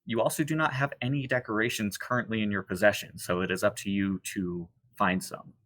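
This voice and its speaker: Bright-voiced man running a tabletop game. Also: fairly low pitch, a little fast, low-quality recording. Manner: relaxed, occasionally losing his train of thought. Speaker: game master. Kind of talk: narrating a tabletop horror game.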